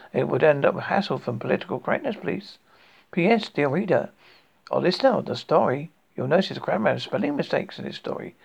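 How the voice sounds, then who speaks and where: Gravelly husky man in his fifties. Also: on the high side. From United Kingdom. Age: 50s. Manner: rambling, self-interrupting, with jokey asides. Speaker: horror podcast host. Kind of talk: reading his own story aloud. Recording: dull lo-fi recording.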